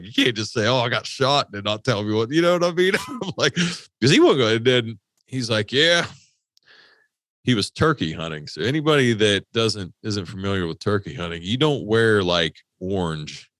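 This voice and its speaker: A man from West Virginia tells a story on a podcast, swearing constantly and restarting his sentences as he goes. His voice is lively, swinging up and down in pitch, with a bright edge. The sound is dry, with no room echo. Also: normal speed. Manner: rambling, profane, frequent restarts. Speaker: podcast co-host. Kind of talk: casual storytelling. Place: podcast studio.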